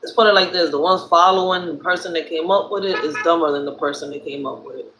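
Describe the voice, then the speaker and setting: A hoarse woman with a Philadelphia accent hosting a casual livestream, telling stories bluntly with plenty of profanity. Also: fairly low pitch, fast talker, fairly bright tone, slight background noise. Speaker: live stream host. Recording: roomy echo.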